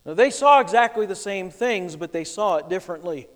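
A man with a high voice preaching in a church sanctuary. His delivery is emphatic, with soft low stretches that build to loud bursts. His voice rings with the long reverb of a big hall. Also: lively intonation, a little fast. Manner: emphatic preaching with wide swings in loudness. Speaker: pastor. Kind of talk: sermon.

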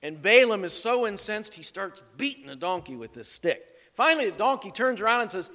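A pastor preaching a sermon who retells a scripture story with folksy jokes and asides. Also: male voice, sits high, sing-song, a little fast, pushed and bright, long reverb tail.

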